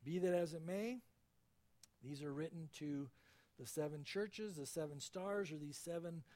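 Fervent preaching man, rather high voice. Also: a little slow. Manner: fervent, emphatic preaching with sudden loud peaks. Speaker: pastor. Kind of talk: verse-by-verse sermon.

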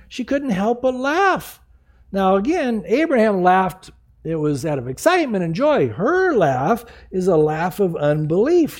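A man's voice: a little high, very animated, unhurried, a little mellow. A man in his sixties preaching a sermon in a conversational, jokey way, acting out the people he quotes. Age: 60s. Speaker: pastor.

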